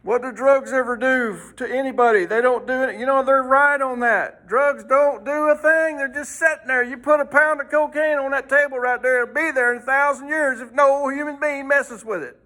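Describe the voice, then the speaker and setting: A man's voice: extremely high pitch, steady tone, moderate pace, hardly any pauses, sharp tone. A man teaching a folksy Sunday school lesson, rambling and throwing in rhetorical questions.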